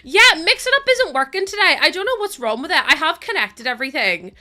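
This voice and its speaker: A high-pitched young woman talking to her stream chat, worn down yet still giggling. Her voice is bright and light, and her talk jumps around in a loose, scattered way. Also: sing-song, fast. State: tired. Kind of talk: casual live stream chat.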